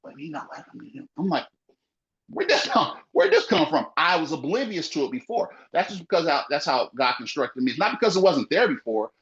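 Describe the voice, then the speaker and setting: Emphatic higher-pitched man, lo-fi audio. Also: expressive, fast, hardly any pauses, fairly bright tone. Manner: emphatic, repetitive, says "you know" often. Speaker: small business owner. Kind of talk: casual podcast conversation. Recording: muffled lo-fi audio.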